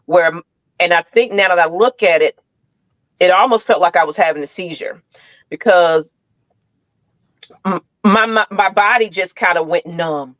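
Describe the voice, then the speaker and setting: A woman co-hosting a podcast in a casual chat, telling a story in an animated way and acting out the quotes. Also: fairly low pitch, moderate pace, pauses often, no echo. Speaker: podcast co-host. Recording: dull, dry lo-fi sound.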